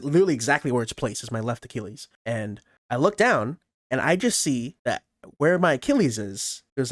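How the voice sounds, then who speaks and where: A man, a camp director co-hosting a podcast, telling a story in casual chat with animated, expressive delivery and frequent swearing. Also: medium pitch, dry recording, studio quality.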